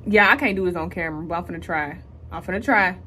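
A woman's voice: fairly low pitch, quick pace, bright, forceful tone, husky. A young woman filming a casual get-ready-with-me tutorial at home, chatting straight to her viewers and calling them "y'all". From Houston, Texas. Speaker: beauty vlogger. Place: at home, indoors.

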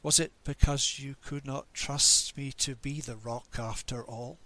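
A man's voice: mid-range voice, fairly even intonation, unhurried, bright, forceful tone. A man voicing the grieving, angry disciple Peter at the cross in a dramatic monologue during a church service, bitter and questioning. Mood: anguished. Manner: bitter, questioning, self-reproaching.

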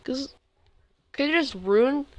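A teenage boy giving casual, excitable commentary while playing a game, yelping often, his voice cracking when he yells. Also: very high-pitched, takes it slowly, a little hiss or hum. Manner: excitable, yelps and frequent voice cracks. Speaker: gamer.

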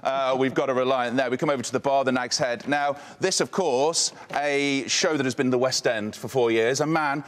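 A man's voice: medium pitch, steady tone, normal speed, hardly any pauses. A man presenting a backstage interview in a playful, teasing way.

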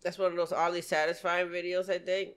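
A woman hosting a casual reaction video, exclaiming and laughing loudly in chatty slang. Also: fairly low pitch, little pitch movement, brisk, slight background noise.

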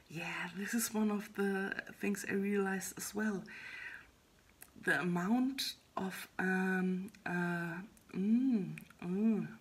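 A woman talking in a casual solo vlog about her writing progress, soft and half-whispered, hesitant and halting with many fillers and restarts. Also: lowish voice, husky. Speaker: web fiction writer vlogging her progress.

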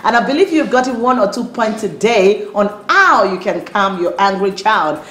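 A woman's voice: medium pitch, expressive, normal speed, a bit bright. A woman parenting coach giving earnest advice, repeating her key points. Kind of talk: instructional talk to camera. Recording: roomy, faint music.

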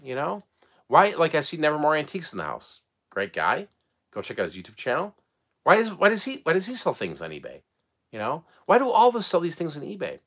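A middle-aged man giving casual advice as a channel host, blunt and animated, swearing casually and laughing often. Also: mid-range voice. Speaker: eBay reseller and channel host.

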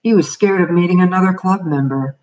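A woman reading a children's novel aloud as a storyteller, in steady, plain narration. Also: on the low side, fairly quick, dull audio.

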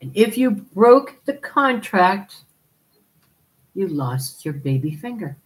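A woman's voice: mid-range voice, big pitch swings, slow pace, low-quality recording. A woman hosting a live stream, chatting casually, laughing often and calling viewers darling as she reads their comments.

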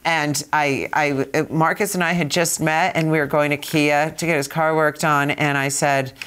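Woman, fifties, a touch low-pitched, interview guest; animated storyteller who stumbles over repeated words. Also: moderate pace, smooth. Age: 50s. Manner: animated, dramatic retelling with stammered repeats.

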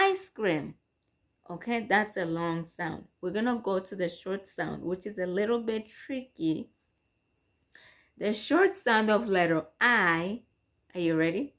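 A woman teaching English letter sounds in a slow phonics lesson, stretching and repeating each sound and switching between English and Swahili. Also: lowish voice, fairly bright tone.

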